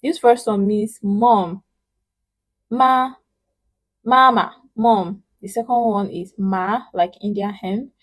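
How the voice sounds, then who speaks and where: A woman's voice: medium pitch, fairly even intonation, poor audio. A woman teaching a spoken Chinese lesson in English, patiently explaining and modeling sounds with emphasis. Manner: patient, emphatic, models syllables slowly and loudly. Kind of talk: online language lesson.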